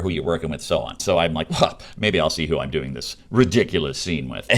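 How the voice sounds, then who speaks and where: Man, middle-aged, very low voice, lively up-and-down delivery, self-mocking storyteller. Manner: animated, self-mocking, laughs between lines. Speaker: working actor. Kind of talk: casual storytelling to camera.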